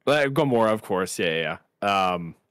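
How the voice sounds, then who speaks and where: A man's voice: sits low, animated, normal speed, fairly bright tone, clear, resonant tone, no room sound. A man on a film podcast, chatting casually and enthusiastically, swearing and trailing off as he tries to remember things. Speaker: podcast panelist.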